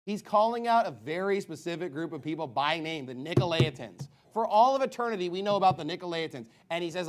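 A man preaching a fiery sermon to a congregation in a church, reading scripture and shouting key words with quick asides. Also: a little high, expressive. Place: church sanctuary.

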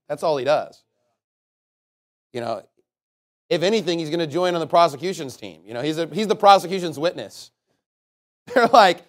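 A man preaching a sermon in a conversational, sarcastic way, with joking asides and loud scripture reading. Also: a little high.

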